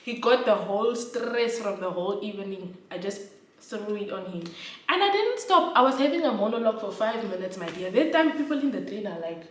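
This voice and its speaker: A woman, a vlogger telling a story to camera in an animated, emphatic way. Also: mid-range voice, fairly quick, slight background noise. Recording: roomy echo, distant from mic.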